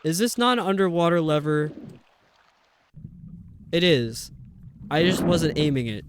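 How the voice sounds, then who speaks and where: While playing a video game on stream, a man chats casually and rambles with lots of fillers. His voice is a little high and unhurried, with slight background noise.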